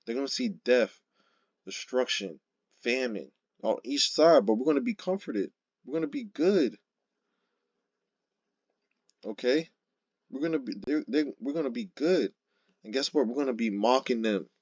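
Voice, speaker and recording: An emphatic man preaches in a loose, informal way, reading verses slowly and then pressing his points with a constant "okay?" and "right?". His voice sits at an ordinary male pitch. The recording is dull and muffled, with a dry, close sound. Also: expressive, a little mellow, no echo. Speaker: street-style scripture teacher. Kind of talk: informal sermon with scripture reading.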